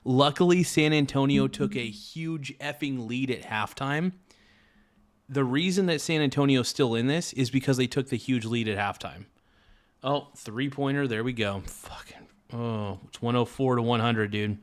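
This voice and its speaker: A man live-streaming, chatting casually and giving an excitable, frustrated play-by-play with frequent swearing. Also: medium pitch, normal speed.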